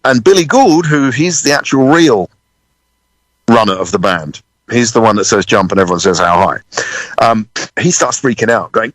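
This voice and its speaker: A British man, a drummer, telling a lively story in a radio interview, swearing freely and acting out other people's voices. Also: lowish voice, normal speed, dry recording, low-quality recording. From United Kingdom. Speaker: guest drummer.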